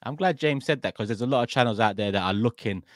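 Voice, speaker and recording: A man's voice: medium pitch, fast. A man with a London accent hosting a casual football chat show, reading fan messages and laughing often. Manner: laughs often, upbeat sign-off patter. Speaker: host.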